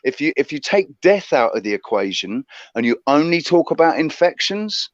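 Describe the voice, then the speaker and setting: A man's voice: a little high, very animated, normal speed, highs cut off, a little hiss or hum. A man co-hosting a live chat show, rambling and repeating himself as he talks over the others. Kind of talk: casual chat over a call.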